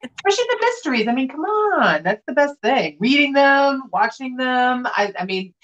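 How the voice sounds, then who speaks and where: A middle-aged woman chatting casually as co-host of a live vintage sale from a room at home, telling stories in an animated way. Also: high-pitched, unhurried, highs cut off. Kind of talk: casual chat. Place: home room with window blinds.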